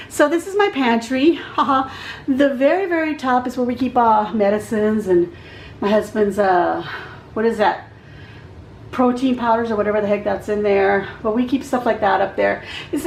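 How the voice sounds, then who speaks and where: A middle-aged woman from Texas chats in a loose, rambling way, stopping to hunt for words as she shows off her kitchen. Her voice sits a bit high with a gravelly edge. Faint household ambience hangs behind her. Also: a little hiss or hum, low-quality recording. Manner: chatty, rambling, searching for words. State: out of breath. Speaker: vlogger. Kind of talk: casual home tour chat. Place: home kitchen.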